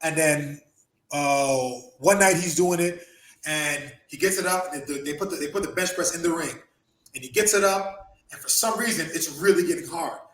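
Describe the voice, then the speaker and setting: A man hosting a podcast, telling profane, animated stories, laughing often and acting out the people he quotes. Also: on the high side, moderate pace. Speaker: podcast host and former wrestler. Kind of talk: casual storytelling chat. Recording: roomy echo.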